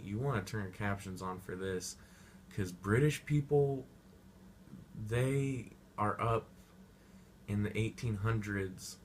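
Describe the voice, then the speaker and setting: A man's voice: lowish voice, a bit bright, slight background noise. A young man giving a rambling, profane casual movie review, full of slang and goofy asides.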